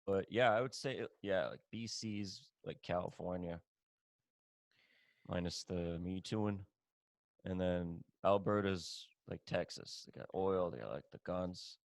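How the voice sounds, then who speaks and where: A man's voice: low voice, unhurried, vocal fry, no room sound. A man hosting a podcast, chatting casually in a blunt, profane, joking manner. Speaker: podcast host. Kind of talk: casual chat.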